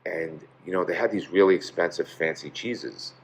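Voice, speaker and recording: A man's voice: low-pitched, normal speed. A man, a pizzeria owner, telling stories in a casual interview, rambling with many fillers.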